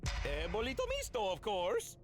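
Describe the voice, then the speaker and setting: A man's voice: high-pitched, huge pitch swings, normal speed, music in the background. A man voicing a flustered young man in a game, stammering through a bad put-on Italian accent.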